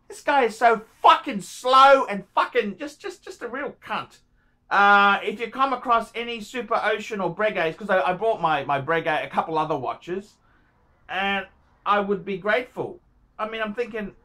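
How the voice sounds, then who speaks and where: A man ranting angrily to camera on his watch vlog, swearing and shouting insults. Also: high voice, animated, measured pace. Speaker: watch vlogger. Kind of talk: angry rant to camera.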